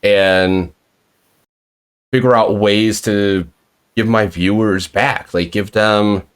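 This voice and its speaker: A man's voice: lowish voice, steady tone, slow, clean tone. A man hosting a casual live-streamed interview, rambling and swearing freely as he retells stories. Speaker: podcast host.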